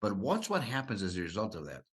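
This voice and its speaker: A man hosting a podcast interview, earnest and encouraging, with halting restarts. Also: lowish voice, huge pitch swings, breathy edge. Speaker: podcast host. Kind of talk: interview conversation.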